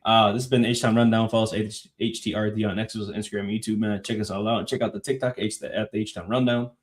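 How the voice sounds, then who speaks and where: A man co-hosting a casual sports podcast, talking in a relaxed, slangy way with drawn-out fillers. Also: on the low side. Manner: laid-back, slangy, drawn-out filler words. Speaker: podcast co-host.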